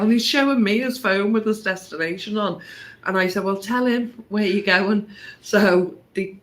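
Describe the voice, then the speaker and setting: A man's voice: sits high, normal speed, a bit bright. A man telling a travel story in casual conversation, often checking with his partner. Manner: conversational, often asks "didn't we?", laughs. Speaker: co-host.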